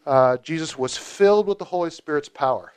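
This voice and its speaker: A man teaching a Bible study group in a casual, animated way, joking and asking questions. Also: fairly high pitch, brisk, clear, resonant tone.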